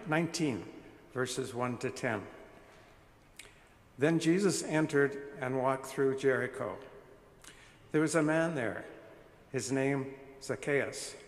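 A man reads scripture at an unhurried, careful pace. His voice carries through a roomy church sanctuary, and a long reverb trails after each phrase. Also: mid-range voice. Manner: measured, deliberate reading. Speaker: scripture reader. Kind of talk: scripture reading at a church service.

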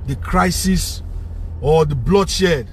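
Man, Nigerian Pidgin English accent, fiery and repetitive, slightly high voice, faint traffic behind. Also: slow. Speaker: vlogger. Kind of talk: impassioned political rant.

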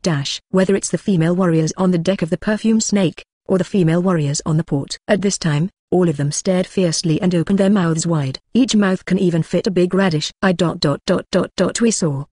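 Tts audiobook voice reading out question marks and tildes, flat, dry and close. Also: medium pitch, brisk, hardly any pauses, no room sound. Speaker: audiobook narrator. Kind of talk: synthetic audiobook narration.

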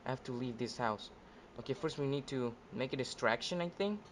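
A male gaming video host giving casual let's-play commentary, jumpy and excitable, yelping when scared. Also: medium pitch, a little fast, noisy background. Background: game music.

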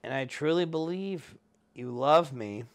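A man's voice: fairly high pitch, lively intonation, unhurried. A drunk man in his thirties telling a rambling story, losing his thread and correcting himself as he goes.

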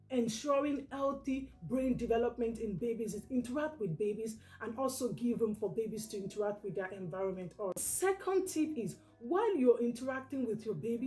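Female educator, slightly higher voice, emphatic repetitive delivery, faint music bed. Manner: repetitive, emphatic advice, demonstrates soft baby talk. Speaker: early years educator. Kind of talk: instructional talk to parents.

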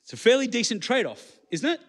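A man's voice: very high-pitched, very animated, fast talker, fairly bright tone. A man preaching a sermon in church, conversational and full of rhetorical questions to the congregation. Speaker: pastor.

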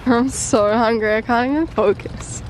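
A woman's voice: a little high, steady tone, moderate pace, a crowd in the background. A young woman with a New Zealand accent chatting casually in a vlog, joking and complaining as she goes. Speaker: vlogger.

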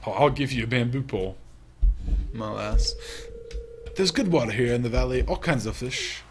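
A man's voice: medium pitch, expressive, normal speed, a crowd in the background, natural voice. A man doing a jolly old sea-dog shopkeeper.

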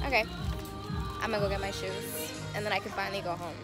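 A woman's voice: mid-range voice, fairly even intonation, quick pace, pauses often, loud music behind the voice. Breathless chatty young woman vlogging. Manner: chatty, laughs often, slangy. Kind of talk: casual vlog chat.

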